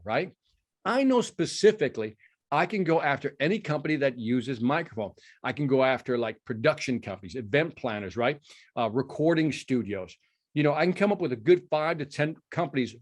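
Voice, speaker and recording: A middle-aged man from Chicago, a sales speaker telling stories in an interview and acting out the dialogue. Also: medium pitch. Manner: animated storytelling, acts out dialogue. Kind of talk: storytelling interview.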